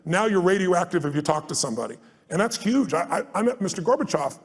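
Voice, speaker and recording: A man with a high, quick voice works a live crowd, pushing his points home bluntly and acting out his anecdotes. His voice rings out with long reverb in a large hall. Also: expressive, breathy edge. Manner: emphatic and blunt, swears for force, acts out anecdotes. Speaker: speaker and guest on a live stage tour. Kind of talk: motivational storytelling to a live audience.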